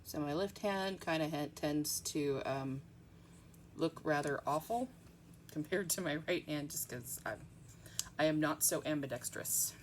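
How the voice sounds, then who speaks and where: A woman's voice: sits low, unhurried, slight background noise. A woman chatting casually through a nail art tutorial at home, rambling with frequent ums.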